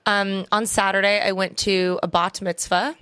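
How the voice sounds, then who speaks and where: Woman podcast co-host. Chatty storyteller, mid pitch, dry close mic. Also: normal speed, smooth, no echo. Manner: chatty storyteller, animated retelling. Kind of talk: casual chat.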